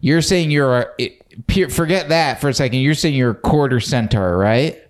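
A man guesting on a comedy show, overexplaining in a flustered way and reading aloud slowly and solemnly. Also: medium pitch. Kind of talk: improvised comedy chat.

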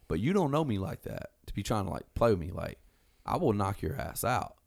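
Deep gravelly dude telling a bar fight story, cussing, doing everyone's voices. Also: male voice, fairly quick. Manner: animated, swearing, acts out quotes in raised voices. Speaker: storyteller guest. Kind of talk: casual storytelling.

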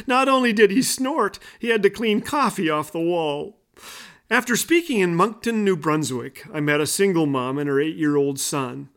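A man's voice: high-pitched, moderate pace, fairly bright tone. A man in his fifties hosting a radio show, telling humorous stories in a scripted monologue with punchlines. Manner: light storytelling with punchlines.

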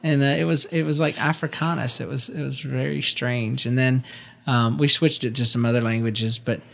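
A man's voice: medium pitch, fairly even intonation, moderate pace, gravelly, fairly bright tone. A man hosting a casual family video, chatting and teasing his child in a playful way, laughing often. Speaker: parent and video host.

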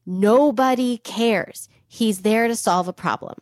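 Woman, podcast co-host, casual storytelling, animated, dry room. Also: fairly high pitch, slow, no echo. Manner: chatty, animated, swears freely.

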